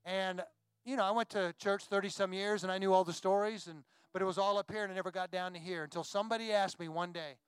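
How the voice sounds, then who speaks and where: A man with a high, smooth voice preaching in a church, retelling a Bible story with feeling. The sound is close and dry, with soft music faintly underneath. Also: steady tone, fast talker, dry recording. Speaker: pastor. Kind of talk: sermon.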